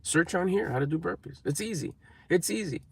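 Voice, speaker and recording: A man's voice: fairly high pitch, expressive, brisk, vocal fry, darkish tone, slightly rough. A man giving an emphatic, repetitive motivational talk to camera, coaching viewers. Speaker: motivational speaker.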